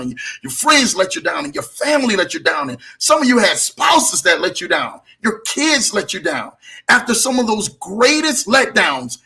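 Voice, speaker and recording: This man hosts a motivational broadcast, his high voice pushed and bright. He exhorts listeners in a repetitive, preaching rhythm that rises and falls.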